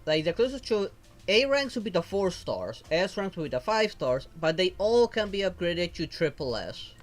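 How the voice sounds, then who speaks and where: A man's voice: high-pitched, big pitch swings, normal speed. A man streaming as a VTuber, casually thinking aloud while he pulls and sorts game rewards. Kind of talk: casual gameplay commentary.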